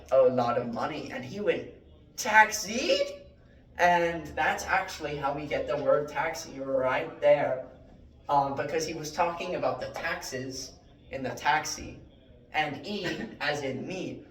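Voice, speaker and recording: A man giving a mock classroom lecture, rambling through deadpan fake word origins with many fillers. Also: on the high side. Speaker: joke Latin teacher. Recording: echoey room, mic at a distance.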